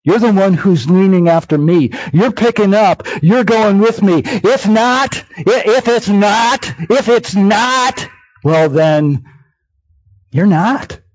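A man preaching a sermon, swinging from hushed near-whispers to raised, emphatic cries. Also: high voice, slow pace, no room sound. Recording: dull lo-fi dry sound.

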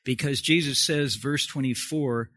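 A man's voice: mid-range voice, steady tone, unhurried, sharp tone, dry recording. A man preaching a sermon as pastor, emphatic and repetitive, putting questions to the congregation.

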